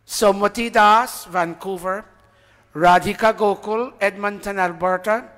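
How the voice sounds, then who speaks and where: Man, high voice, bright tone, casual announcer checking with the crowd, long hall reverb. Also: fairly even intonation. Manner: chatty, pauses to ask the audience and admits forgetting names. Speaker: announcer reading out donor names at a temple gathering. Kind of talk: informal announcements to a congregation. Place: temple hall.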